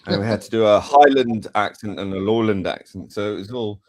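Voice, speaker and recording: A man's voice: fairly low pitch, brisk, no echo, studio quality. Well-spoken southern English man chatting. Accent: southern English, close to RP. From England, London. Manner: chatty, laughs easily. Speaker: guest. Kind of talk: casual chat.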